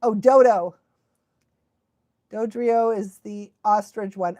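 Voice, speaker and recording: A woman's voice: fairly high pitch, a little slow, warm tone, no echo. A woman dog trainer hosting a casual watch-along live stream, chatty and laughing often, cooing baby talk at a dog now and then.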